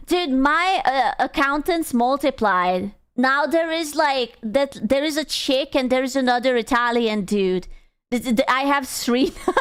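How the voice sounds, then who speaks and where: A woman's voice: sits high, animated, measured pace. A woman streamer chatting casually with her viewers, playful, swearing freely and laughing often.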